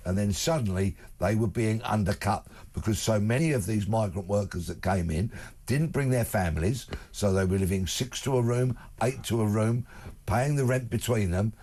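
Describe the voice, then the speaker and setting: Husky, lively man on talk radio. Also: lowish voice. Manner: emphatic, builds long spoken lists. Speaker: studio guest. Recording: broadcast studio.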